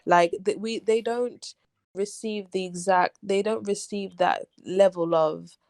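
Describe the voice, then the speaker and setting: A woman's voice: medium pitch, steady tone, a little slow, vocal fry, darkish tone, no echo. A woman, arguing her point with passion in a casual podcast discussion. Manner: passionate, emphatic, argumentative. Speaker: podcast co-host.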